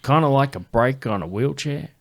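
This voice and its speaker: A man impersonating a laid-back male country singer, with an American Southern accent and a slow drawl. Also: medium pitch, expressive, vocal fry, voice pushed up.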